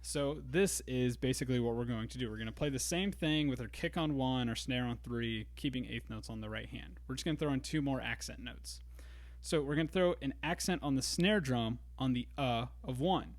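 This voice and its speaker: A man teaching a drum lesson in a relaxed way, explaining grooves step by step. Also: mid-range voice, moderate pace. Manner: counts beats aloud, easygoing explaining. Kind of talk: casual instructional talk. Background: drum kit and metronome.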